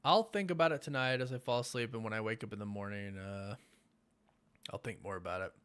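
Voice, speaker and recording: A man's voice: lowish voice, brisk, smooth. A tired young man hosting a late-night live stream, rambling casually with many fillers as he thanks his viewers. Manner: enthusiastic, warmly thanks viewers. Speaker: host of a live watch party stream.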